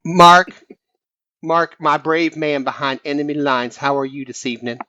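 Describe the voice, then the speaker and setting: A man's voice: on the high side, steady tone, normal speed, pushed and bright, no room sound. A man voicing a self-appointed preacher who blesses his friends while slyly insulting them, in a sing-song preachy manner. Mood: sanctimonious. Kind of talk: comic preacher impression on a fan podcast.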